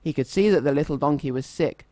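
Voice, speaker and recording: A man reading a children's story aloud in a gentle, expressive storytelling manner. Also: fairly high pitch, quick pace, dry recording.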